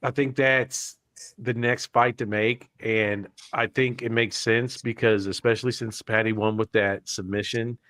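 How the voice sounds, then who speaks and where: A man's voice: lowish voice, flat delivery, a little slow, fairly bright tone, no room sound. Hesitant man on a dry-sounding podcast mic. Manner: hesitant, many "you know" fillers. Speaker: podcast panelist. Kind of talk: casual sports chat.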